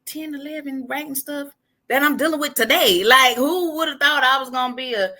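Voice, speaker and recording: A woman from Ohio speaks in a clear, bright voice with an unusual accent nobody can place. She chats casually as an interview guest. She laughs often and acts out the voices in her stories. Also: high-pitched, brisk. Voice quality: distinctive accent that others cannot place. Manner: animated, laughing storyteller who acts out quotes. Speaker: author guest.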